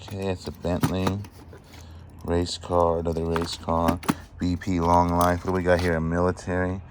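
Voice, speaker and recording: Deep-voiced man excitedly sorting finds. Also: normal speed, noisy background. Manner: excited, chatty, appraising items aloud. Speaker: vlogger sorting a storage unit find. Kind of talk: casual show-and-tell commentary.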